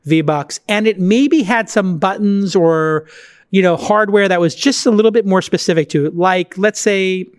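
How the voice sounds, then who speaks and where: A man hosting a podcast, talking in an energetic, emphatic way with sudden jumps in pitch, reading an ad and chatting casually. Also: normal speed, dry recording, studio quality. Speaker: podcast host. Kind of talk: casual podcast chat and host-read ad.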